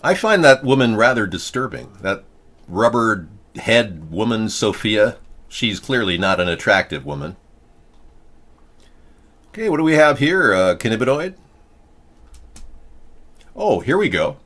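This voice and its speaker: A man's voice: fairly low pitch, big pitch swings, measured pace, pauses often, a bit bright. A man hosting a casual political talk show, rambling from story to story with a joking, sarcastic manner. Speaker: host.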